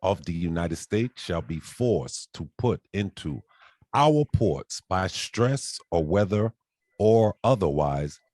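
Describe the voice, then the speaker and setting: Deep-voiced man reading aloud, dry sound. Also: lively intonation, takes it slowly, darkish tone, no echo. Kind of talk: reading a treaty aloud in discussion.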